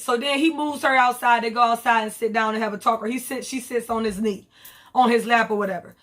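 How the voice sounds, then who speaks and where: A woman's voice: fairly high pitch, moderate pace, a bit bright. A woman recapping reality TV in a blunt, profane, rambling vlog. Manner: blunt, profane, rambling commentary with quoted asides.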